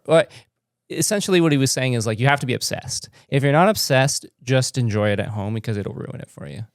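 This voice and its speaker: A man hosting a podcast, talking in a relaxed, conversational way. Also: medium pitch, fairly quick, gravelly, no echo, studio quality. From Canada. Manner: relaxed, conversational, easy laughs. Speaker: podcast host. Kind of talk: casual podcast interview.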